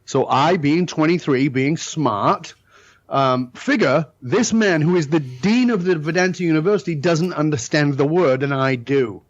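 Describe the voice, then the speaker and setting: The speaker is a middle-aged man with a fairly high voice who talks a little slowly. He's a guest on a podcast, telling stories in a blunt, emphatic way with an occasional swear word. The audio is dull.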